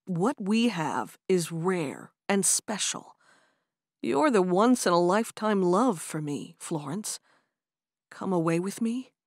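A woman reading the part of a smitten young man in an audiobook, speaking softly and tenderly. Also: on the low side, very animated, slow pace, dry recording, studio quality, heavily acted. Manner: soft, tender, pleading.

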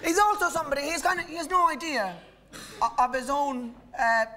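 Brisk, bright, and forceful, the very high-pitched voice belongs to a man in his thirties from Ireland doing stand-up on a live comedy stage. His storytelling rambles and he frequently interrupts himself.

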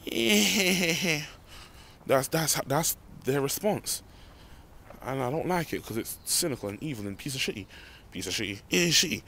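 A young man with a medium-pitched, fairly bright voice speaks at a moderate pace with lively intonation, amid slight background noise. As a vlogger walking home through a car park at night, he rambles and rants animatedly to a handheld phone, a late-night rant to camera.

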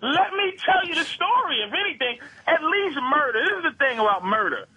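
A man guesting on a radio talk show by phone, telling a comic story in an animated, profane way and laughing through it. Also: extremely high pitch, a little fast, rough recording. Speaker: comedian guest calling in.

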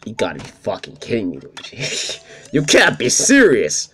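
A man putting on a gruff, crude Italian-American plumber voice, cocky and brash, with lively swings in pitch. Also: measured pace. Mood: defensive.

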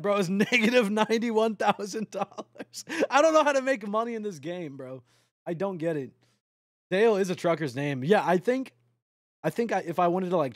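Animated young man rambling on stream. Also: sits high, no room sound, clean studio sound. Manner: rambling, joking, swearing, talks to chat. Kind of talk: casual live-stream chatter while playing a trucking game.

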